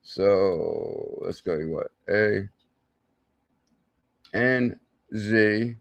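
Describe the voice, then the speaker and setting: A man hosting a live crypto stream, talking in an excitable, salesy way with loud outbursts, thinking aloud as he works through sums and reads the viewer chat. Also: fairly low pitch, extremely slow, creaky, dull audio. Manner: thinks aloud while doing sums and checking charts. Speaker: crypto channel host.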